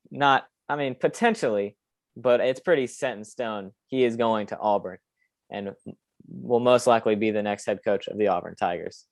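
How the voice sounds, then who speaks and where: A man's voice: medium pitch, dry recording. A young man hosting a casual sports podcast, opinionated and rambling with lots of fillers. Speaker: podcast host.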